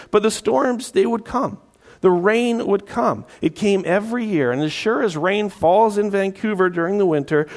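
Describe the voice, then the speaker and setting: A man's voice: fairly high pitch, a little mellow. A man preaching a sermon, often repeating his words and acting out crowd voices. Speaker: pastor.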